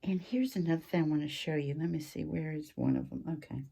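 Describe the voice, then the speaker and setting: A woman hosting a relaxed craft show-and-tell, chatty and rambling, with frequent ums and asides. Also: low-pitched, quick pace, vocal fry, slightly rough. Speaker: craft channel host.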